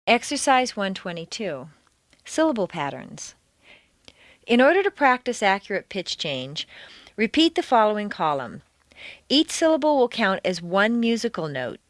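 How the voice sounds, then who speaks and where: Woman, American accent, pronunciation lesson, lively intonation, very dry recording. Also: medium pitch, no echo. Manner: carefully enunciated, exaggerated intonation. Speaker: accent instructor. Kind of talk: slow, deliberate pronunciation drill.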